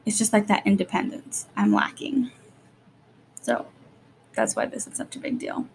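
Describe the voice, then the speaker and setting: Young woman, mom vlogger, nervous rambling chat, vocal fry, faint background hiss. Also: medium pitch, sing-song. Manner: rapid rambling, lots of "like", nervous. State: jittery and short on sleep. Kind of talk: casual vlog chat.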